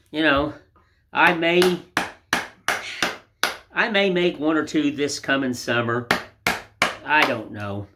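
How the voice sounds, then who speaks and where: A man who chats in a folksy, rambling way while he carves wood in his workshop. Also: a little high. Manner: folksy, rambling, down-home sayings. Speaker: woodcarver. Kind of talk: casual chat while carving. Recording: loud workshop tool noise. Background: loud chisel and mallet knocks.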